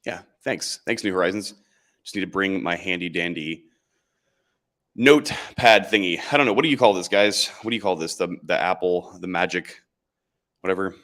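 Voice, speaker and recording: A man's voice: deep voice, normal speed, a bit bright. A man hosting a casual livestream, reading chat comments and rambling sarcastically, calling his viewers boys. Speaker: livestream host. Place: indoors, standing in camera frame.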